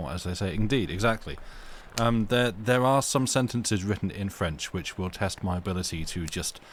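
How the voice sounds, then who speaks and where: A man's voice: lowish voice, normal speed, few pauses, slight background noise. A man hosting a live stream, chatting casually with his viewers in a rambling, self-interrupting way, at home. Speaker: livestream host reading stories aloud.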